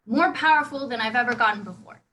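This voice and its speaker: Woman as a demanding male demon lord, bright tone, commanding. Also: fairly high pitch, fast talker, distant mic, rough recording.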